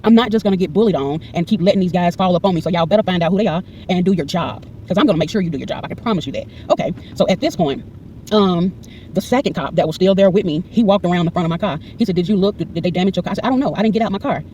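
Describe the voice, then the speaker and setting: Woman, 40s, vlogger retelling a tense encounter; quick, heated delivery with a mellow tone. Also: on the low side, recorded from a distance, dull audio, a little hiss or hum. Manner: animated, acts out every exchange in quoted dialogue; heated and indignant when retelling. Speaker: vlogger recounting a personal incident. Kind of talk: casual storytelling to camera.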